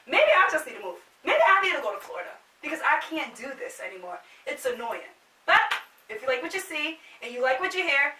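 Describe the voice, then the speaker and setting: A woman's voice: sits high, sharp tone. A woman from New Jersey ranting in a casual vlog, emphatic and exasperated, swearing as she complains. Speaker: vlogger. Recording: echoey room, mic at a distance.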